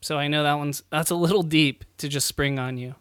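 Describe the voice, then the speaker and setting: A man's voice: fairly high pitch, fairly even intonation, brisk, fairly bright tone, smooth, no room sound, clean studio sound. A young man and new father, co-hosting a podcast in casual chat, rambling with lots of fillers and laughs as he tells stories. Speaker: podcast co-host.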